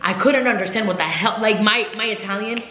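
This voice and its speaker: A young woman vlogger telling a travel story in a casual storytime chat. She rambles, leans on lots of fillers and retells events in a lively way. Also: mid-range voice, brisk. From United States. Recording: roomy echo.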